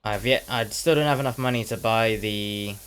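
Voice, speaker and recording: A teenage man with a fairly low voice talks through a game in easygoing chat. He rambles from thought to thought and pokes fun at his own jokes, and now and then slips into a put-on British slang voice. A faint hiss sits under his voice. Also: moderate pace, fairly bright tone, low-quality recording. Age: teens. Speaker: gaming commentator. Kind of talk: casual chat while playing a game.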